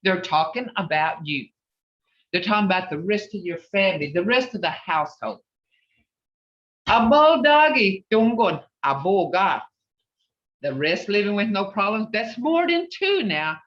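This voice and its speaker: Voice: mid-range voice, very animated, normal speed, a bit bright, echoey room. A teacher leading an online language class, patiently drilling words syllable by syllable and reassuring the students. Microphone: video call. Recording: dull video-call audio.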